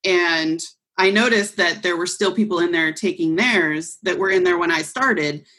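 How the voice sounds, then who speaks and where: A woman spins a story over casual podcast chat. Her voice sits a little low and carries a husky edge. She slips into the voices of the people she quotes. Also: moderate pace, sharp tone. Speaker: podcast co-host.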